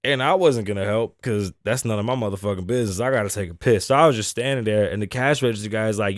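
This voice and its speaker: A man's voice: on the low side, quick pace, few pauses, dry recording, studio quality. A man hosting his show, telling a casual, profane story time with lots of laughing. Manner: laughs often between lines. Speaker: host.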